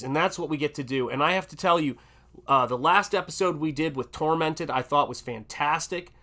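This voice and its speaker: A man's voice: fairly high pitch, pushed and bright. A middle-aged man with a Southern American accent, hosting a livestream in a rambling, chatty way with many fillers. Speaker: livestream host. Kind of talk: casual livestream chat.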